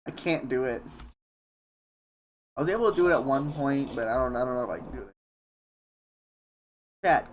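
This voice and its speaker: A man's voice: mid-range voice, expressive, slight background noise. Rambling young male streamer. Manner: rambling, halting, self-deprecating, with mild swearing. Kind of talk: casual live-stream chat while gaming.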